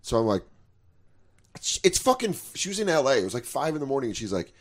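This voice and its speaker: A man's voice: mid-range voice, fast talker. Swearing man telling stories with flair. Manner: animated, acts out both sides of stories, swears freely. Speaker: comedian podcast host. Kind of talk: casual storytelling chat.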